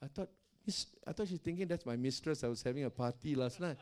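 An older man, a pastor, telling stories in a sermon in a loud, animated way, often laughing and acting out the voices of the people he quotes. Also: medium pitch, fast. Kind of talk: sermon storytelling.

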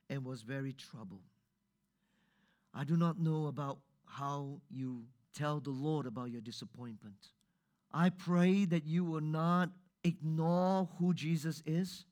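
A man's voice: fairly high pitch, warm tone. A man preaching a sermon who repeats his key lines for emphasis and keeps asking the congregation for a response. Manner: call-and-response, emphatic repetition. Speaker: pastor.

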